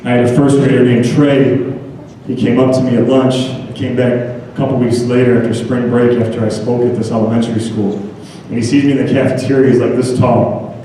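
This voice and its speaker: American guy doing a school assembly talk, very dark mellow voice, big echoey gym, kinda far from the mic. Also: mid-range voice, fairly quick, slight background noise. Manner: earnest storytelling, animated. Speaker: motivational speaker. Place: school gym or hall, indoors.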